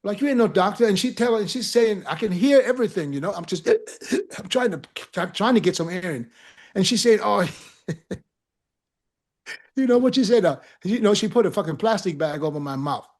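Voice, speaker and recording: Man, slightly high voice, rambling profane anecdote teller for a casual chat show. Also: moderate pace. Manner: animated, profane storyteller with laughs.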